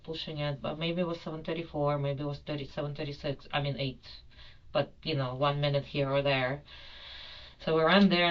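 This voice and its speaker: A woman in her forties recounting an incident in an interview, rambling with many fillers and self-corrections. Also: extremely low pitch. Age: 40s. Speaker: airline passenger being questioned. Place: interrogation room. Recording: dull lo-fi recording.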